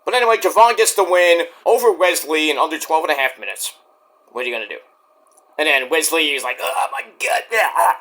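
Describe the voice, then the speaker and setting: Talking fast in a slightly high, fairly bright voice, a man gives a casual review of a wrestling show. He rambles, swears freely and keeps wandering off on tangents.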